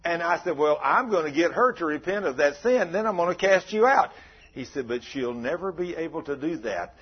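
A man, a pastor telling a folksy, animated story in a sermon, on a dull lo-fi recording. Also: fairly high pitch, fairly quick, husky.

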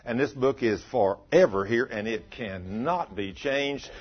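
A man preaching a sermon, telling a story with animated delivery and calling out questions to his congregation. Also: mid-range voice, measured pace, breathy edge, muffled recording. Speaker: pastor.

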